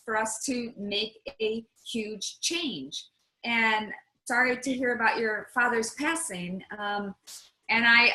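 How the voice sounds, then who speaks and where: Woman, high bright voice, encouraging host, online training call. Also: reverberant, low-quality recording. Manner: encouraging, affirming. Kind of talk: supportive webinar hosting.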